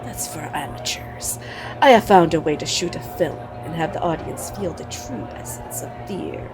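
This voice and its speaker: A woman voicing a sinister, fear-obsessed male film director, whispered role-play with a slow menacing hush. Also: sits low, lively intonation, over music.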